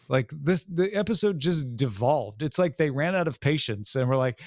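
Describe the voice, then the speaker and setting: A man's voice: on the high side, expressive, moderate pace, hardly any pauses, no room sound, studio quality. A man co-hosting a podcast, chatting casually about a TV episode and recounting his reactions. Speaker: podcast co-host. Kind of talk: casual chat.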